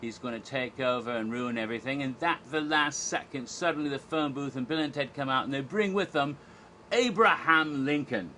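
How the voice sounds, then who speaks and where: A man's voice: medium pitch, fairly quick, few pauses, pushed and bright, a little hiss or hum. A man casually retelling a live show from memory, rambling and enthusiastic, with frequent fillers and restarts. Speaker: theme park event historian. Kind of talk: casual narrated recap.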